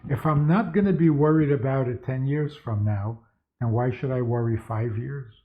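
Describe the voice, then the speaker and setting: A man's voice: mid-range voice, normal speed. Male rabbi, mid-range voice, storytelling teacher, narrow telephone-like recording. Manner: rhetorical questions, storytelling. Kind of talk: spoken lecture with stories. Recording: tinny phone-like sound.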